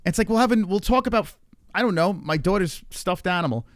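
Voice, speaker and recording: A man's voice: high-pitched, lively intonation, fairly quick, no echo, clean studio sound. A man streaming a rambling, profane monologue with an exasperated manner. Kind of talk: ranting casual monologue.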